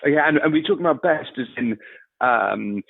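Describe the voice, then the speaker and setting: Male caller over a phone line, relaxed and apologetic. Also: mid-range voice, brisk, gravelly, husky, dry recording. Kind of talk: casual chat.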